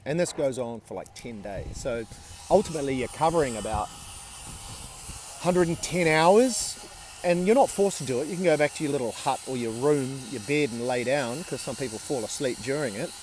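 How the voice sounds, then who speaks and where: A man's voice: mid-range voice, expressive, moderate pace, darkish tone, a little hiss or hum. A man in his forties telling a personal story in a casual, candid way, swearing freely and using many fillers. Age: 40s.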